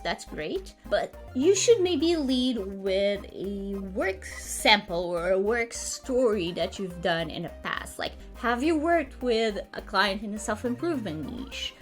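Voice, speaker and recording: A woman's voice: medium pitch, sing-song, unhurried, hardly any pauses, soft background music. A woman coaching freelancers, chatting candidly through a review of a job proposal and laughing lightly now and then.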